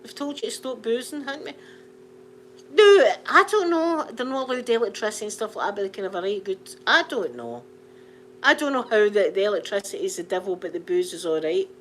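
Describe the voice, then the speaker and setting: A Scottish woman telling funny stories in an animated, repetitive way, laughing along as she talks. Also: medium pitch, quick pace, a little hiss or hum. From Scotland. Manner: animated, laughing, repeats phrases for comic effect. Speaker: channel host. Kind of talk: casual storytelling chat.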